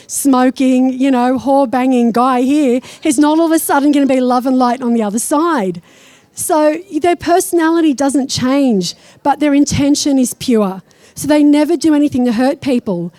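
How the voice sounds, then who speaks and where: A woman's voice: high-pitched, dark tone, no room sound. A woman psychic medium giving a blunt, irreverent stage talk and live readings to an audience. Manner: blunt and irreverent, swears freely.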